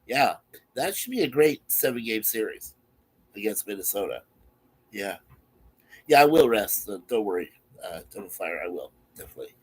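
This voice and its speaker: A man's voice: fairly low pitch, big pitch swings, moderate pace, husky. A man who is sick, coughing now and then, chatting casually and in an easygoing, rambling way to his stream viewers from his webcam.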